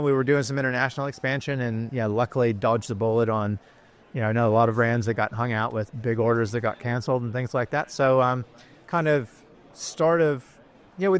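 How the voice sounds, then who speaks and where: A man tells the story of his business in a loose, conversational interview. He rambles and fills his talk with ums and you-knows, in an easygoing manner. His pitch sits in the middle range. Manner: chatty, rambling, many fillers. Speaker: business founder, guest.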